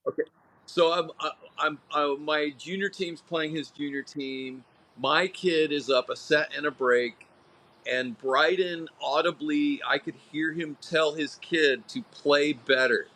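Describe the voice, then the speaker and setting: A man's voice: on the high side, unhurried, a little hiss or hum. A man, a tennis coach who is a guest on a podcast, telling stories in a casual chat and acting out what people said. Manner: animated storyteller acting out quotes.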